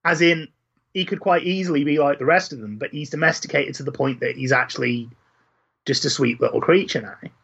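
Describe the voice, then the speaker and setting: A man's voice: a little high, fairly quick, gravelly, a bit bright, breathy edge, highs cut off. A man co-hosting a casual film podcast, chatty and full of trivia, often tagging his points with questions. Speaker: podcast co-host.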